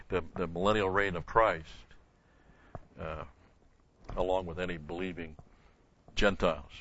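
A man's voice: low-pitched, bright, forceful tone, highs cut off. A man teaching a verse-by-verse Bible lesson, asking the class questions and answering them himself, stressing key words with emphatic repetition.

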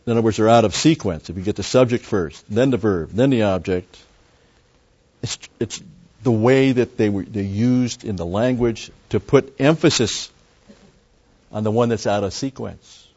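A man's voice: fairly low pitch, moderate pace, darkish tone, slightly rough, muffled recording. A man preaching a Bible teaching sermon, explaining a passage step by step and repeating key phrases. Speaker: pastor.

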